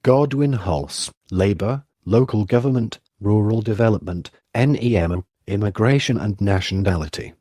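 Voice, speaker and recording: A man giving a flat, formal scripted reading of names and government titles. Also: fairly low pitch, moderate pace, few pauses, dry recording.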